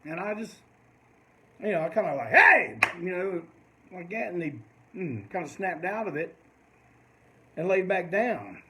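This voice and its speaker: A man's voice: high voice, very animated, moderate pace, long pauses, a little hiss or hum, poor audio. An older man, telling a long rambling story in casual talk and swearing freely. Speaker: host of a live stream.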